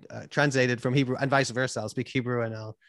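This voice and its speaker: A man's voice: mid-range voice, steady tone, quick pace, a bit bright, no room sound, clean studio sound. A young man with a mixed Canadian, British and Israeli accent, chatting and rambling a little as a podcast host being interviewed. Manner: rambling, self-deprecating, chatty. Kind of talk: casual interview conversation.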